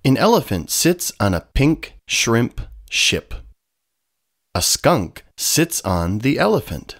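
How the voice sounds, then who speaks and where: A man narrating simple children's stories in a very slow, clear, sing-song reading. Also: medium pitch, big pitch swings, a bit bright. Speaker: storybook narrator. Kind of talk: scripted children's story narration.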